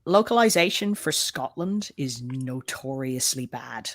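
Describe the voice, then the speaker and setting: A woman's voice: extremely low pitch, animated, unhurried, no room sound, studio quality. A woman joining a casual stream chat in a joking, friendly way. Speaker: stream guest.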